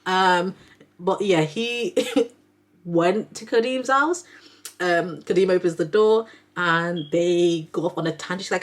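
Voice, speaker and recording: A woman's voice: fairly low pitch, slow. A young adult woman chatting casually about books she read, rambling and filling her talk with "like". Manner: chatty, rambling, heavy use of "like" fillers. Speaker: book reviewer, neonatal nurse. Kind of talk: casual book review chat.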